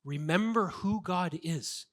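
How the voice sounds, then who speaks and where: A man's voice: high-pitched, slow. A man preaching a sermon as a pastor, earnest and conversational, with casual fillers.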